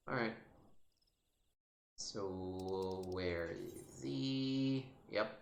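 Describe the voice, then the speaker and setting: A man's voice: on the low side, expressive, normal speed, fairly bright tone, echoey room, low-quality recording. A man hosting a let's play, giving casual, sarcastic commentary and muttering to himself as he plays.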